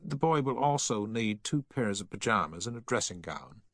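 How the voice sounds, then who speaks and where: A man's voice: fairly low pitch, sing-song, normal speed, a bit bright, dry recording, studio quality, voice pushed up. A man voicing a snobbish male tailor's shop assistant who lists items fussily and formally. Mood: prim.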